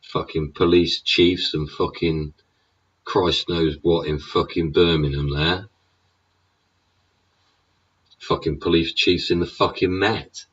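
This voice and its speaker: A man's voice: sits low, fairly even intonation, measured pace, a bit bright, breathy edge, distant mic. An English man in a sweary, sneering political rant, throwing in "yeah?" and "innit?" as he goes. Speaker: vlogger. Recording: dull sound, away from the mic.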